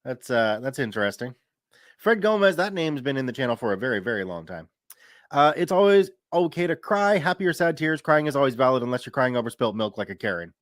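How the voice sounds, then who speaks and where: Guy in his 30s streaming, chatty, reads chat out loud, laughs a lot, dead dry mic. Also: medium pitch, big pitch swings, fairly quick, dry recording. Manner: chatty, reads viewer comments aloud, laughs easily. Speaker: streamer and story reader. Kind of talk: casual live-stream chat.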